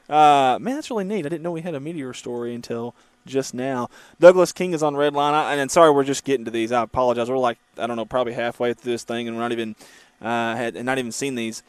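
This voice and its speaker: A man's voice: medium pitch, fast talker, hardly any pauses, smooth, no room sound, studio quality. A man hosting a casual livestream from a moving car, chatting and reading viewer comments aloud. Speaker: livestream host. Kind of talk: casual driving livestream chat.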